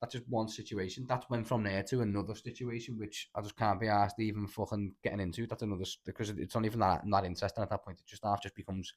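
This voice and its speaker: His voice is lowish and steady, moving quickly with hardly any pauses. He's a podcast co-host with a Liverpool accent, telling a long, rambling story on a casual show, full of filler words and swearing.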